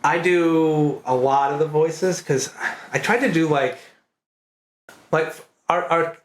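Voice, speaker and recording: A man from Maine, a cartoonist guest on a podcast, telling stories with a laugh and plenty of "like" fillers. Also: mid-range voice. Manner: laughing storyteller, many "like" fillers. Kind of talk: casual interview chat. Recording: roomy echo, faint hiss.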